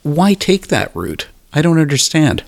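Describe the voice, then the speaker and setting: A man's voice: fairly high pitch, very animated, a little slow, vocal fry, no room sound. A man interviewing a musician, asking brief, curious questions.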